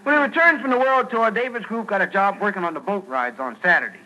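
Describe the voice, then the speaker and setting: A man with a high voice tells a comic tale in jive street talk. It comes through a noisy old radio broadcast. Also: fast talker, pushed and bright. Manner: jive street-talk retelling of a Bible story, shrill put-on screams. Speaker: stand-up comedian. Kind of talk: stand-up storytelling.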